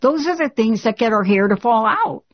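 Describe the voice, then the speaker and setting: A woman's voice: fairly high pitch, animated, moderate pace, dull audio. A woman hosting a call-in radio show, speaking in a direct, earnest and emphatic way to a caller.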